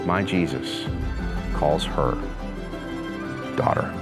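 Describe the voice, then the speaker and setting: A man's voice: a bass voice, extremely slow, long reverb tail, over loud music. A male pastor giving a conversational sermon, laughing easily and acting out the people in his story. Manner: conversational preacher, acts out voices, laughs easily.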